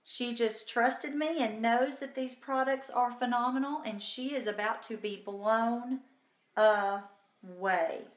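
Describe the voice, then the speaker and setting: A woman's voice: fairly high pitch, steady tone, slow, echoey room. A woman hosting a casual live makeup tutorial from home, chatty and bubbly, talking to viewers by name. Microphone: phone.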